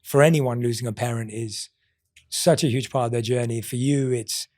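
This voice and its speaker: A man's voice: mid-range voice, steady tone, normal speed. Reflective man hosting a podcast. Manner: reflective, gently probing, casual fillers. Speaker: podcast host. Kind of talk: podcast interview.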